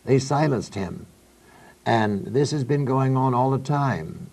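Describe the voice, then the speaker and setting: Emphatic Southern man with a mellow voice. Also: mid-range voice, lively intonation, slow pace. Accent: Southern American. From Southern United States. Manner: emphatic, outspoken. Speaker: reverend and trance medium. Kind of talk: studio talk show discussion.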